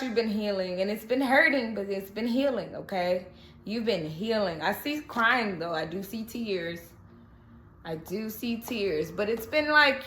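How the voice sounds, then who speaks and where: A woman giving a casual, animated tarot reading, often checking in with "okay?" and repeating reassurances. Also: medium pitch. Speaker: tarot reader. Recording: echoey room with faint noise.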